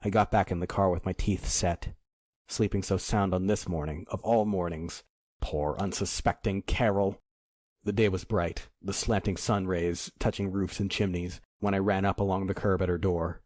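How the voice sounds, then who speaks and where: A man reading a first-person crime novel aloud in a measured, dramatic storytelling manner. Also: low-pitched, steady tone, a little mellow, no room sound, studio quality. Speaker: audiobook narrator. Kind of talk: scripted first-person narration.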